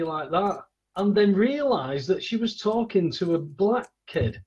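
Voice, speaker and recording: Male podcast host, raspy and fairly high, casual storyteller who does the voices, lo-fi sound. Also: expressive, unhurried, a little mellow. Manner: rambling anecdotes, acts out the voices of the people in his stories.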